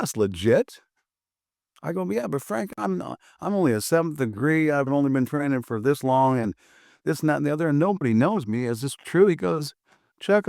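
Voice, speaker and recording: A man's voice: a little high, a little mellow, no echo, studio quality. An older American man, a martial arts instructor, telling a story casually and acting out both sides of old conversations. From USA.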